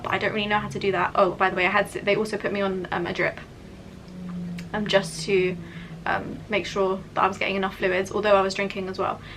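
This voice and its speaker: A woman's voice: mid-range voice, background noise. A young woman telling a personal story in a candid, chatty vlog, with many "like" fillers. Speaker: vlogger.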